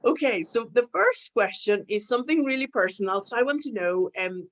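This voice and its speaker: A woman's voice: a little high, expressive, normal speed, rough recording. Bubbly woman hosting a podcast. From Mexico. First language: Spanish. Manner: bubbly, chatty, giggly. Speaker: podcast host. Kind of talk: casual interview chat.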